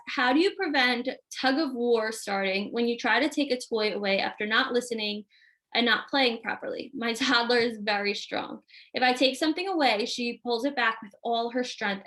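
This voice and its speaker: Higher-pitched woman coaching parents. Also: moderate pace, fairly bright tone. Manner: reads questions aloud, acts out example dialogue. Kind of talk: live Q&A answering viewer questions.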